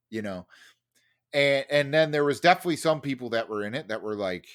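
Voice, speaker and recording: A man's voice: medium pitch, expressive, moderate pace, long pauses, fairly bright tone. A man co-hosting a podcast, telling a story in casual chat, full of fillers, restarts and swearing. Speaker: podcast co-host.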